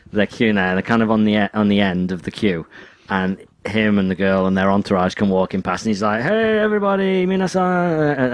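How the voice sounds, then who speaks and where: Low-voiced chatty English man. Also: no echo. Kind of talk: casual chat.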